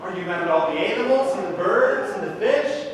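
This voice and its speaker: An actor playing a gentle, earnest boy in a stage musical rehearsal, asking quick coaxing questions. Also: high voice, animated, slight background noise. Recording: echoey hall from far off.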